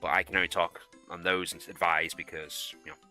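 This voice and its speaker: A man's voice: sits low, level tone, a little fast, pushed and bright, soft background music. A young man streaming a game, chatting bluntly and swearing as he rambles. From United Kingdom. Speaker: gaming streamer and soldier. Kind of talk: casual chat while gaming and reading chat.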